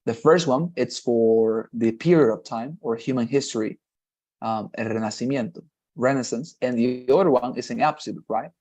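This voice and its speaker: In an online class, a man whose first language is Spanish explains English grammar step by step, often asking "right?" to make sure his students are keeping up. His dark, mellow voice sits in the mid range, and he talks at a normal speed.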